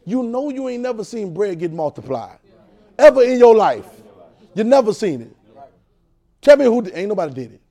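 Preacher guy w/ aave teaching bible class, kinda high voice, keeps asking y'all got it. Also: very animated, normal speed, pauses often, dark tone. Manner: call-and-response, repeats phrases, asks the room questions.

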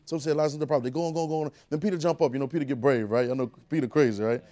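A man preaching a conversational sermon, repeating phrases and rising to shouted calls. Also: fairly high pitch, steady tone, racing.

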